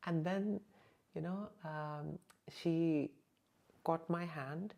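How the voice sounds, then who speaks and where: Low, gravelly-voiced woman telling a story. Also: drawn-out words, long pauses, darkish tone. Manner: hesitant, many "you know" fillers, drops to near-whisper at intense moments. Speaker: channel host recounting a personal experience. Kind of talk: emotional first-person storytelling.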